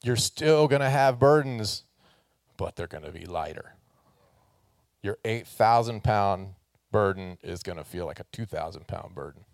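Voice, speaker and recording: A man's voice: on the low side, animated, a little slow, vocal fry, no echo, studio quality. A man preaching a sermon to a congregation, casual and joking, asking the listeners to answer and raise hands. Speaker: pastor.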